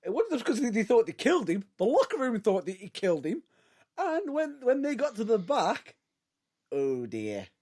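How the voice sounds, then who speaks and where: A man's voice: extremely high pitch, normal speed. A man co-hosting a podcast, chatting casually and hedging his points with frequent restarts. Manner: hedging, restarts often, lively rises and drops. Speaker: podcast co-host. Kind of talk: casual wrestling chat.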